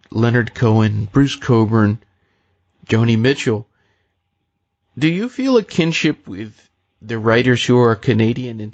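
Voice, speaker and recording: A man's voice: medium pitch, dry recording, lo-fi sound. Polite male interview host, dry sound. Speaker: radio show host. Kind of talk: interview questions.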